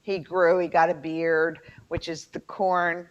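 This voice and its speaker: A woman's voice: fairly low pitch, level tone, takes it slowly. A woman co-hosting a podcast, chatting casually and telling stories with many fillers. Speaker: podcast co-host. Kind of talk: casual chat. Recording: dull lo-fi recording.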